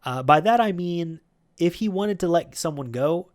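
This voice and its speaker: A man's voice: fairly high pitch, expressive, normal speed. Man casually rambling through a story. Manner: rambling, chatty, with many fillers and restarts. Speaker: YouTube host.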